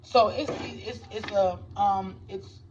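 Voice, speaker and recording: A woman's voice: medium pitch, steady tone, takes it slowly, darkish tone. Woman rambling a film recap, distant mic. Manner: rambling, many restarts, talks to viewers. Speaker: movie reviewer. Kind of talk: casual movie recap. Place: home with children nearby. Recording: distant, dull mic with faint background noise.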